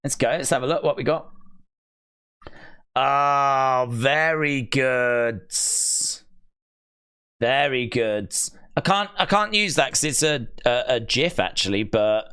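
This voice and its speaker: Guy streaming from his desk, slow and wry, rambling along with chat. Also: medium pitch, animated, bright, forceful tone, clean tone. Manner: musing aloud, wry and rambling with dry asides. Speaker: live-stream host. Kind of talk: casual live-stream chat with viewers.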